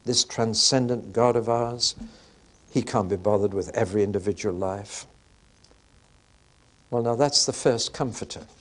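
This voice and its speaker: An older man giving sermon-style Bible teaching in a conversational way, acting out the people he quotes. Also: darkish tone. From England. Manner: conversational, acts out quoted speakers with rising pitch.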